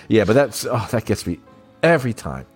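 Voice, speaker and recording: A low-pitched man chatting casually about a favourite film, with faint synth music behind him. He laughs often and slips into playful bits of the film's dialogue, with a loose, rambling flow. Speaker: podcast co-host. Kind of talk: casual film review chat.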